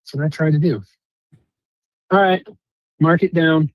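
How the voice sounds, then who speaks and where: A man's voice: a little high, steady tone, unhurried, no echo, muffled recording. A man calling in to a morning talk show and chatting in a friendly, teasing way. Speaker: caller. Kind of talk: casual phone-in chat.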